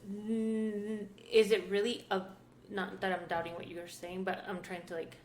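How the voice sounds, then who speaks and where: A podcast co-host in her thirties, a woman with a middle-pitched voice who throws herself into her anecdotes. She swears without a second thought and moves easily between English and Spanish. The room gives her voice a noticeable echo. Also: a little slow, a little hiss or hum. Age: 30s. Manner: animated storytelling, switches between English and Spanish, swears freely. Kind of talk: candid casual chat. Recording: roomy echo.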